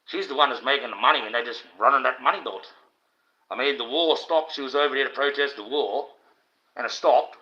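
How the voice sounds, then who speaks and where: A man's voice: mid-range voice, fairly quick, pushed and bright. Blunt, profane Australian man ranting. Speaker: livestream host. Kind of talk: ranting livestream monologue. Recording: dull lo-fi stream audio.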